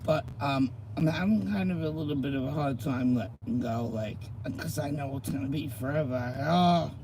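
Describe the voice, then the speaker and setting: A woman's voice: very deep voice, normal speed, noisy background. A middle-aged woman, chatting emotionally to her viewers in a rambling way, close to tears. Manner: rambling, emotional, talks to commenters. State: tearful. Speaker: vlogger. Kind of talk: casual chat to viewers.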